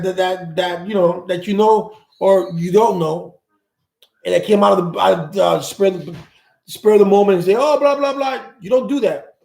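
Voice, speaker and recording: This is a high, creaky, darkish voice belonging to a man hosting a live stream. He reads out viewer comments and meanders through his opinions, repeating words as he looks for them, all in an echoey room.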